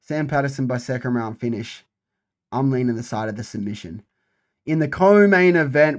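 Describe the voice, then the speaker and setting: A man's voice: medium pitch, moderate pace. A young man giving a casual, profane breakdown of upcoming fights, repeating himself for emphasis. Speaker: MMA fight predictor.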